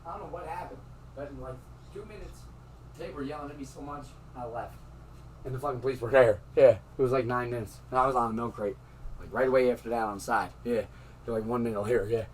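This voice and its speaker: A man's voice: medium pitch, fairly even intonation, quick pace, distant mic, a little hiss or hum, low-quality recording. A man telling a rambling, profane story in casual talk, laughing often as he goes.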